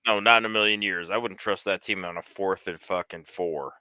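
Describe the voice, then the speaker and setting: A man's voice: low voice, steady tone, a little fast, no room sound. A man co-hosting a casual sports talk show, blunt and heavy on swearing. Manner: profane, blunt, loud outbursts. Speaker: co-host.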